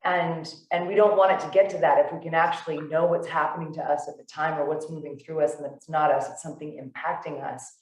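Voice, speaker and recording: A low-pitched woman talks through a casual podcast chat, animated and loose, full of "like"s and restarts. She sits well back from the mic, and the room rings around her. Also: fast talker, hardly any pauses, roomy sound, distant mic, low-quality recording. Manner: animated storyteller, many "like"s and restarts. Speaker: podcast co-host. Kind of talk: casual conversation.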